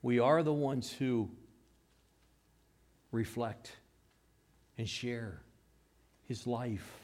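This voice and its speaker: A man preaching a sermon, moving between hushed, slow passages and raised, emphatic ones. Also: mid-range voice. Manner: dramatic shifts between hushed and raised delivery. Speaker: pastor.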